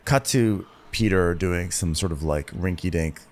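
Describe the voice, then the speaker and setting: Wry man with a lowish voice. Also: measured pace. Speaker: podcast co-host. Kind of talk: casual recap chat.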